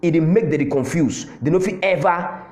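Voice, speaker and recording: A man's voice: fairly high pitch, a little fast, darkish tone, roomy sound. A man from Southern Cameroon with a Cameroonian Pidgin English accent, giving a fiery political address and hammering his points home with repetition. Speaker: political commentator.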